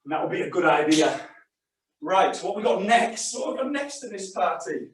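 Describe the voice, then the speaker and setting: A man's voice: high-pitched, big pitch swings, normal speed, a little hiss or hum. A male fitness instructor leading a live class, chatty and encouraging, calling short exercise cues. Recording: very echoey room, distant mic.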